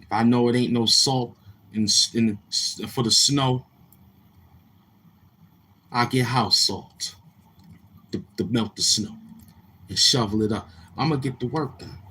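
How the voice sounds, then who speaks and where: A man's voice: mid-range voice, measured pace, long pauses, sharp tone, breathy edge. A man from Brooklyn, telling loose, repetitive stories on his livestream and acting out other people's lines. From Brooklyn, New York. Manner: loose, repetitive street talk with quoted dialogue. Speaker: livestream host. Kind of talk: rambling storytelling on a livestream.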